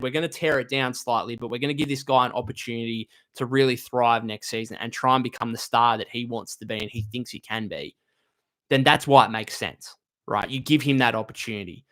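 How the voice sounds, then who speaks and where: Male streamer, medium pitch, casual fan chat, heart on sleeve, lots of self-corrections. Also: a bit bright. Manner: chatty, emotional, thinks aloud with restarts. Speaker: live stream host. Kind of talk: casual live-stream basketball talk, reading chat comments.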